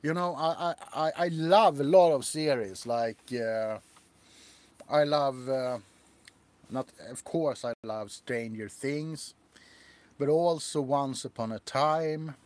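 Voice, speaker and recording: A man's voice: medium pitch, darkish tone. A man chatting on a livestream about shows and his ASMR characters, rambling and laughing. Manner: rambling, laughing, slow and halting. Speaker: ASMR creator. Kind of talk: casual livestream chat.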